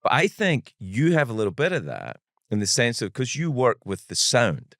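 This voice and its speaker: A middle-aged man hosting a podcast interview, playful and quick to laugh, teasing his guest with questions. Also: mid-range voice, huge pitch swings, a bit bright, no echo, clean studio sound. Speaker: podcast host. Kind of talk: casual interview chat.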